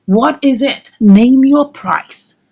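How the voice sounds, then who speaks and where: A woman's voice: high-pitched, slow, gravelly, a little mellow, husky, lo-fi sound, full character voice. A woman playing a haughty wealthy mother.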